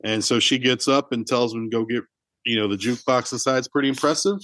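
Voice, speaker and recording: A man's voice: medium pitch, steady tone, fast, a bit bright, dry recording. A man co-hosting a film podcast, telling stories in a loose, rambling way, full of "like" and restarts. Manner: chatty storyteller, many "like"s and restarts. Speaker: podcast co-host. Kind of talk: casual film discussion.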